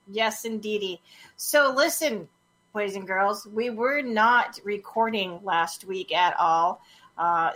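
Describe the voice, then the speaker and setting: A woman hosting a casual podcast, playful and quick to laugh. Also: on the low side, a bit bright. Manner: giggly, playful. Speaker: podcast host.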